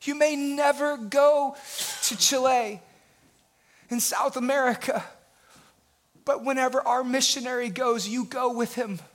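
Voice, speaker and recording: A man's voice: extremely high pitch, fairly even intonation, a little slow, pauses often. A male pastor preaching a sermon with passion, building his points through repeated phrases.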